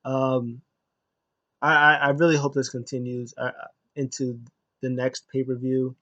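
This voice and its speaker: A man giving a casual spoken review of a show, retelling it in an animated way, with frequent restarts and lively acted quotes. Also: medium pitch, unhurried, dry recording, highs cut off.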